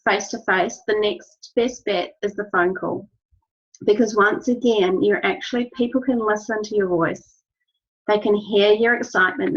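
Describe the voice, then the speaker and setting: Speaking at a medium pitch, this woman has a husky voice that is a bit bright. She's a wellness business trainer delivering an earnest, encouraging instructional talk to her team, returning to key phrases again and again. Audio quality is dull and lo-fi.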